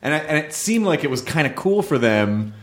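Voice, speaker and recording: A man's voice: fairly high pitch, sing-song, a little fast. A man hosting a podcast, loose and casual, swearing freely and asking long, winding questions. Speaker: podcast host.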